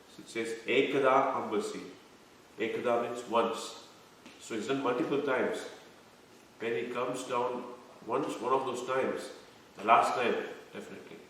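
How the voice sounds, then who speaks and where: Male scripture teacher, measured explaining style, echoey room with faint background noise. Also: mid-range voice, steady tone, a bit bright. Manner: explains terms slowly, quizzes listeners. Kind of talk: devotional scripture lecture. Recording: echoey room, mic far off.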